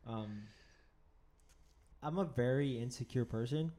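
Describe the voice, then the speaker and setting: A man's voice: mid-range voice, takes it slowly, warm tone. A young man in a casual podcast chat, frankly and profanely telling an embarrassing childhood story. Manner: frank, self-deprecating, profane.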